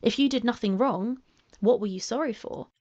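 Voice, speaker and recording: A woman with a calming voice giving measured commentary, reading messages aloud and asking pointed rhetorical questions. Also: fairly high pitch, highs cut off. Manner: analytical, emphatic rhetorical questions.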